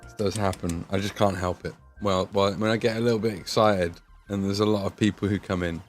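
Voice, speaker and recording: A young man with an English Midlands accent chats loosely on a livestream as he paints miniatures. His voice sits a little low, he swears freely and laughs often, and faint music plays behind him. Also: steady tone, fairly quick. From England. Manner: chatty, swears, laughs often, reads chat aloud. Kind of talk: casual livestream chat.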